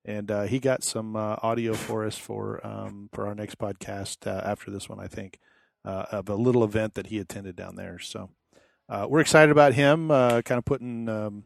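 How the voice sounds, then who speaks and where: Gravelly-voiced man, easygoing co-host. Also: lowish voice, no echo. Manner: laid-back, many filler pauses. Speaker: podcast co-host. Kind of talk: casual chat.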